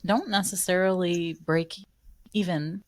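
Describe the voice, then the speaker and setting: Female podcast host, slightly low voice, affirming, dry recording. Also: steady tone, unhurried, no room sound. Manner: affirming, frequent short agreements. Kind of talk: casual interview talk.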